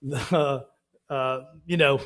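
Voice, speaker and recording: A man's voice: medium pitch, drawn-out words, a little hiss or hum. A man, co-hosting a casual talk podcast and telling stories with acted-out quotes. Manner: animated storyteller, acts out quotes in raised voices. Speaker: podcast co-host. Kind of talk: casual chat.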